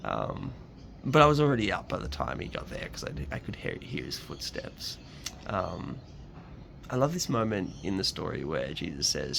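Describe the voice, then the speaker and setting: Man, devotional talk, conversational with ums, lively pitch, faint noise behind. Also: moderate pace, gravelly. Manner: conversational, with frequent ums and restarts. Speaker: preacher giving a Bible reflection. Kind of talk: scripture reading and devotional talk.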